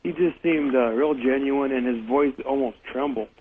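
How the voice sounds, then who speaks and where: A man phones into a radio show, his voice thin and tinny over the line. He speaks earnestly at a middle pitch, hesitating as he searches for words. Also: moderate pace, husky. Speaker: radio caller. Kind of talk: phone-in chat.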